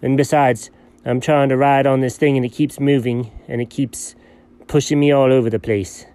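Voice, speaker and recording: A man playing a scatterbrained, excitable male buddy in comedy banter, jumping between low mumbles and sudden high yelps. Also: moderate pace, close to an everyday voice. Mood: goofy. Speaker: co-host.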